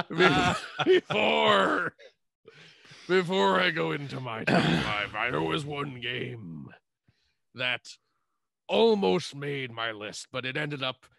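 A man playing a lewd, mischievous male Devil and fallen angel in a comedy bit on a video call, with a gravelly, pirate-like growl. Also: fairly high pitch, expressive, extremely slow, long pauses, fairly bright tone, dry recording, heavily acted. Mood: mock-grand. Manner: leering, teasing, cackling.

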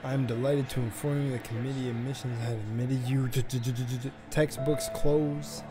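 A man hosting a reaction video in casual chat, laughing at himself and mumbling while reading, with soft music behind. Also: mid-range voice, steady tone, normal speed.

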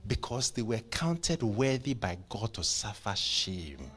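A man preaching a church sermon, impassioned, with stammering repeats, dropping to hushed whispers and then rising to loud bursts. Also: fairly low pitch, very animated, slow. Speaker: pastor. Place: church service.

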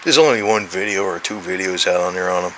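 A man's voice: deep voice, quick pace, bright, forceful tone, a little hiss or hum, low-quality recording. A man in his sixties rambling casually and cursing freely while coaxing his cat outdoors. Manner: meandering, profane, coaxing talk to the cat. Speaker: vlogger, cat owner.

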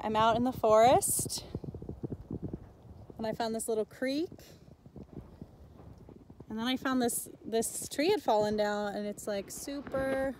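A woman's voice: a little high, noisy background. Woman, nature lesson for kids, outdoors on a forest trail, asks viewers lots of questions, handheld phone, faint outdoor ambience. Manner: curious, questioning, talks to viewers directly. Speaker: teacher.

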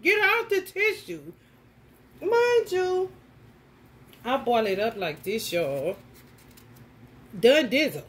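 A woman tarot reader telling a story in a casual vlog, animated and profane, often laughing. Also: very high voice, slow pace, pauses often.

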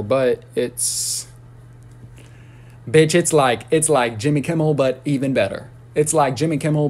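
A man ranting on a casual livestream, rambling and profane, with sudden high squeals and shouts.

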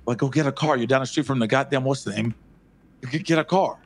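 A man's voice: medium pitch, fast, natural voice. A man playing a pushy male police officer on the phone who stammers and insists. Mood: insistent.

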